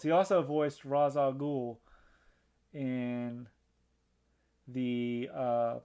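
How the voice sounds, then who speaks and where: A man co-hosting a movie review podcast talks slowly and pauses often in a clear, resonant, mid-range voice with a steady tone. Eager as a film buff, he chats casually and rambles, restarting a lot and using many fillers.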